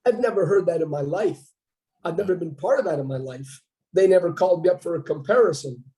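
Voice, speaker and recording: Animated Canadian man telling a story. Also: a little high, fast, poor audio. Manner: animated storyteller acting out quoted dialogue. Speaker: podcast guest, bodybuilder. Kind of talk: casual storytelling interview.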